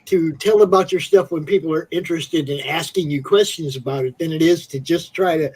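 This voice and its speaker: A man's voice: fairly high pitch, a little fast, a little mellow, slightly rough, low-quality recording. Hoge, hese man die aanmoedigt. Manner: encouraging, laughing interjections. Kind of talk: casual convention panel chat.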